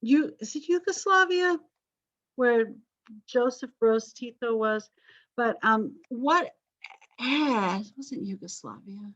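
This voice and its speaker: A woman's voice: fairly high pitch, expressive, takes it slowly, a bit bright, dry recording. A middle-aged woman teaching a history class, chatty and rambling with self-deprecating asides. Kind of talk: recorded class lecture. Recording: dry, slightly dull lecture recording.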